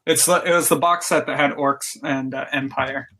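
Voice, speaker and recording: A man's voice: medium pitch, fairly even intonation, normal speed, pushed and bright. A man guesting on a podcast, chatting casually and enthusiastically about his hobby, with many "like" fillers. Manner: rambling, lots of "like" fillers, enthusiastic. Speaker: podcast guest, game designer. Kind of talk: casual interview chat.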